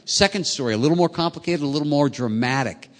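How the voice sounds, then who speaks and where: A man's voice: on the high side, fast. A man preaching a sermon as a pastor in a conversational way, often asking his listeners rhetorical questions. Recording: echoey hall.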